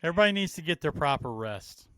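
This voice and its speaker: A man's voice: fairly high pitch, very animated, fast talker, pushed and bright, no echo. A tired man co-hosting a podcast, chatting casually late at night in a self-deprecating way. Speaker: podcast co-host.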